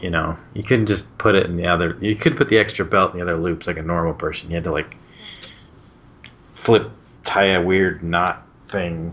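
Deep gravelly man riffing on a movie. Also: bright, forceful tone. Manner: laughing, joking asides. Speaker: film commentary co-host. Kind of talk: casual movie commentary. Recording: dull lo-fi audio with faint hiss.

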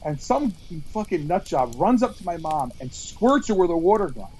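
A man's voice: high-pitched, big pitch swings, moderate pace, a little mellow, breathy edge, poor audio. A man co-hosting a podcast outdoors at a campfire, telling rambling stories, swearing and acting out quotes. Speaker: podcast co-host. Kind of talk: casual storytelling chat.

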